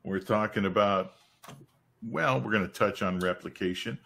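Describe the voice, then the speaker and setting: Joking low-voiced man hosting a webcast. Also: moderate pace, creaky, a bit bright. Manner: joking, rambling, with restarts and laughter. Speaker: webcast host. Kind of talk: casual company webcast chat.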